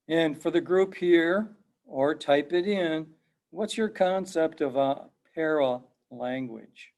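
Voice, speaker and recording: A man's voice: on the high side, takes it slowly, a little mellow. A middle-aged man, a professor, giving an online class lecture in a conversational way, repeating himself and quizzing his students.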